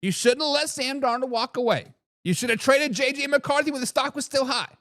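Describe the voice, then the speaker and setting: Brash high-voiced male sports host. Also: fairly quick, fairly bright tone, no echo. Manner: brash trash-talking, answers live chat. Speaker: sports talk show host. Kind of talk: live sports talk show.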